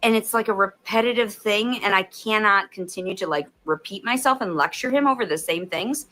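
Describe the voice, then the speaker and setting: A woman's voice: mid-range voice, a little fast, sharp tone. A woman filming herself, venting in a stressed, angry rant full of swear words aimed at her viewers. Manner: swears heavily, ranting at viewers. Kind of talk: profane venting vlog.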